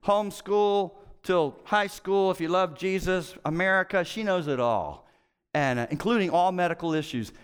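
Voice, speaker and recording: A middle-aged man preaching a sermon as a pastor, telling stories in a conversational way, swinging between loud emphasis and hushed moments. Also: sits high, moderate pace, clear, resonant tone, in a large hall.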